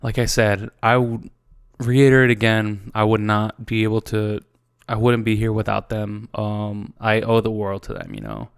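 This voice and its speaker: Recorded with studio quality and no room sound, this American man in his twenties has a lowish, gravelly yet smooth voice, flat in delivery at moderate pace. Hosting a solo podcast, he talks casually, says "dude" often, swears plenty, and sometimes gets tearful and emotional.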